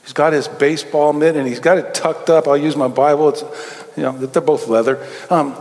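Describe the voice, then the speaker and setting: A middle-aged pastor preaches in a sanctuary with a long, ringing reverb. His voice sits fairly high, and he tells stories, dashing through asides and then slowing down to lean on key words. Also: steady tone, a little mellow. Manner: storytelling, swings between quick asides and slow emphatic phrases. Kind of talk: sermon. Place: church sanctuary.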